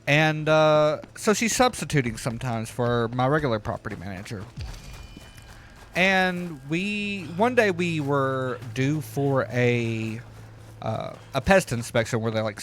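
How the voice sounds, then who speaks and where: A man casually telling a rambling, profane story while he plays a game, getting loud and heated as he retells it. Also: mid-range voice, a little hiss or hum. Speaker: gaming streamer telling a story. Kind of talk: casual storytelling over gameplay.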